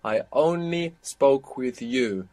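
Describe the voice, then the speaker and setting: A man teaching Spanish in a live online lesson, explaining patiently and slowing down to dictate phrases. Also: mid-range voice, expressive, a little mellow. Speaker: Spanish tutor.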